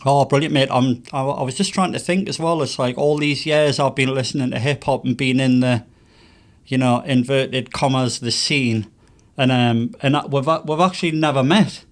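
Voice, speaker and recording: A man hosts a relaxed interview in an easygoing, matey way. He jokes around, stumbles through fillers, and keeps a mid-range pitch. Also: normal speed. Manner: jokey and matey, many fillers. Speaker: interview host. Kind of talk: casual conversational interview.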